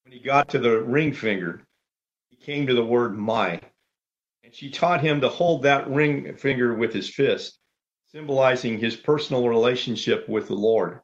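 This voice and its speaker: A man delivers a sermon from the pulpit, calm and orderly as he moves point by point. His voice sits at an ordinary middle pitch. The recording is somewhat dull and lo-fi. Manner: measured, orderly, lays out numbered points. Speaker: pastor.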